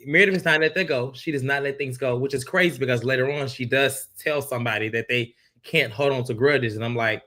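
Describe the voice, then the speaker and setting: A man's voice: mid-range voice, fairly quick, hardly any pauses, bright, forceful tone. A man co-hosting a casual reality TV recap podcast, giving emphatic, rambling opinions. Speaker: podcast co-host.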